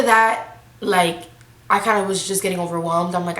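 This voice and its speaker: A woman's voice: fairly low pitch, steady tone, normal speed, fairly bright tone, echoey room. An eighteen-year-old woman telling a storytime vlog in a casual, slangy, breathless way. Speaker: vlogger.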